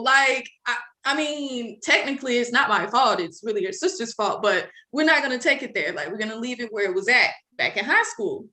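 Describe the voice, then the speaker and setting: A woman's voice: fairly high pitch, fairly quick, hardly any pauses. A young adult woman, a guest, telling a story in casual chat and acting out what people said. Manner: animated, acts out quoted people. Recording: roomy echo.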